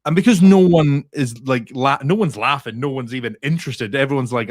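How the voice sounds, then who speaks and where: A Scottish man, a comedian guest, telling a sweary, animated anecdote in casual chat. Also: mid-range voice, fairly quick, few pauses, no echo, studio quality. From Scotland.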